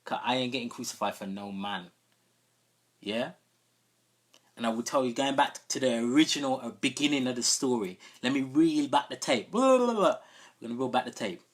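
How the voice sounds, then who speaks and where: A man's voice: mid-range voice, brisk. A man who hosts a live stream, telling a long story in a casual way and often asking listeners whether they follow him. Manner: conversational, often checking in with listeners. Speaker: sound system host.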